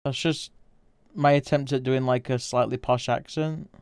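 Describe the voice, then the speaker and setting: Male streamer, relaxed and rambling, smooth clear voice, dry close sound. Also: medium pitch, moderate pace, no room sound. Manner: easygoing, rambling, chatting with viewers. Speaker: livestreamer. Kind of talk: casual livestream chat while drawing.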